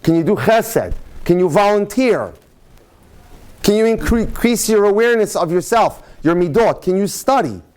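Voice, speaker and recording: Animated storytelling rabbi. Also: male voice, high voice. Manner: animated storytelling, speeds up and slows down. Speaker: rabbi lecturer. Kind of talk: lecture with jokes and stories.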